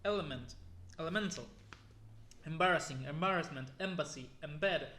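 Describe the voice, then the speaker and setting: A young man plods through a long list of words, one after another, sometimes tripping and starting a word over. His voice sits a little high for a man. The sound bounces around an echoey room. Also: normal speed, bright, forceful tone. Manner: plodding word-by-word reading with restarts and weary asides. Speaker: YouTuber. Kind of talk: reading a word list aloud.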